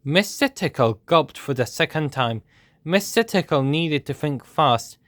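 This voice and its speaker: Male storyteller, steady measured read-aloud, dry close sound. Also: fairly high pitch, no echo. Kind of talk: reading a children's storybook aloud.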